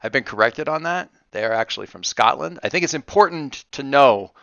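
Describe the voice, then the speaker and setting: A man's voice: mid-range voice, expressive, fairly quick, creaky, pushed and bright, no room sound, lo-fi sound. A man acting as game master of a tabletop role-playing session, explaining rules in a rambling, self-correcting way.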